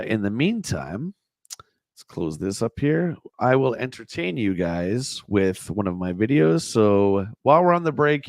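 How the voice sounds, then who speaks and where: A man hosting a retro gaming livestream and narrating a playthrough, excitable and yelping as he plays. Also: lowish voice, no echo. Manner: excitable, yelps and shrieks while gaming. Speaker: livestream host.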